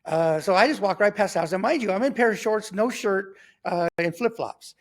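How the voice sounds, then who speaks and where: A man, telling his own story as a guest in an interview. His voice sits a little higher than most men's, and his delivery is lively and conversational. He acts out the lines of people in the story and laughs through the wilder moments. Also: a little fast. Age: 50s.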